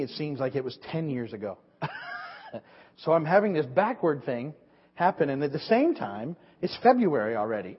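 A man's voice: on the high side, slightly rough. A man preaching a sermon in a rambling way, often restarting and repeating words as he goes. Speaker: pastor. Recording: dull lo-fi recording with long hall reverb.

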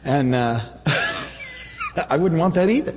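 A man preaching a conversational sermon to his church, halting often with fillers and restarts. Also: on the high side, wildly swooping pitch, slight background noise. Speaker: pastor. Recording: echoey hall, dull audio.

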